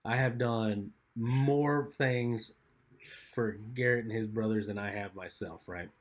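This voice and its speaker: A man's voice: on the low side, fairly even intonation, takes it slowly. A man co-hosting a podcast, telling laid-back, teasing stories in casual chat. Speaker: podcast co-host.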